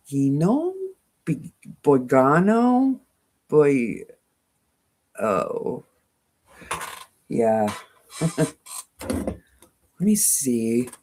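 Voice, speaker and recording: Her voice is rumbling low, a little mellow, and twangy. As host of a quilting channel, she keeps a casual live chat going with viewers, reading comments, laughing frequently and making fun of herself.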